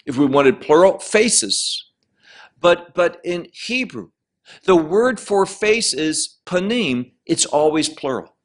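A man's voice: fairly high pitch, very animated, takes it slowly. A man teaching verse by verse through a Bible chapter, stressing each point and explaining Hebrew words.

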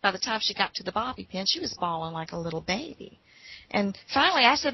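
Husky woman telling a folksy story. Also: mid-range voice, sing-song, fast talker, highs cut off. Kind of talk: told personal story.

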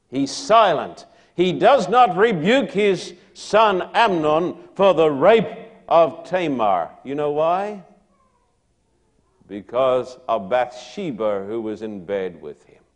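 Retelling a Bible story with drama in his sermon, a preacher sinks to a hush and then builds back up loudly. His voice is slightly high.

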